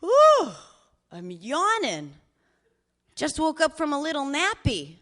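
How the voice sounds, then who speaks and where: A cheerful, foul-mouthed older father leaving rambling voicemails, as his daughter puts him on. His voice sits fairly high and swings widely between phrases. He teases, swears and says he loves her in the same breath. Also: wildly swooping pitch, slow pace, a bit bright, full character voice. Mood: joking. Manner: swearing freely, wry and affectionate. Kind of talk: reading voicemails aloud in character.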